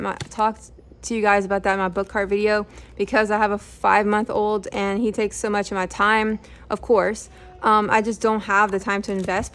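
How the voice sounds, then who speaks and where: A woman's voice: mid-range voice, fairly bright tone. A middle-aged woman casually talking through books she has read, rambling with lots of fillers and self-corrections. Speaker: book channel host. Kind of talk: casual book review chat.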